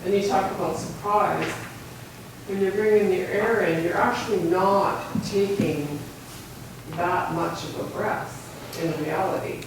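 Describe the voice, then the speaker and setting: A woman's voice: medium pitch, unhurried, noisy background. A woman in a choir workshop asking a hesitant question, heard from far off in an echoey room.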